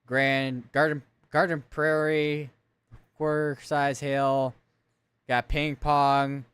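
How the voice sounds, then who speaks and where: A man provides live severe weather coverage, reading storm reports and lists of towns while thinking aloud and frequently correcting himself. His voice is a little high, fairly bright and smooth, with a level tone, a slow pace and no echo.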